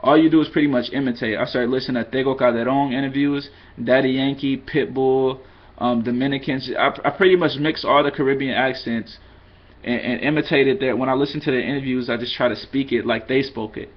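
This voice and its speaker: A man's voice: mid-range voice, steady tone, brisk, lo-fi sound. A man giving a loose, rambling vlog lesson, mixing in Spanish phrases and poking fun at himself. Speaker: vlogger teaching Spanish.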